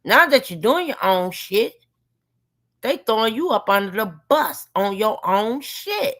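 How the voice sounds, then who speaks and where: A woman's voice: a little high, very animated, a little slow, fairly bright tone. A woman co-hosting a heated stream chat, slangy and emphatic, with slightly slurred speech.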